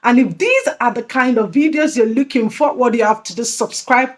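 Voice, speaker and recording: A woman's voice: fairly high pitch, normal speed. A woman hosting an early childhood education channel, explaining teaching strategies in an earnest way that often repeats and restates her points. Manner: earnest, repetitive, emphatic restatements. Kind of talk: instructional video talk.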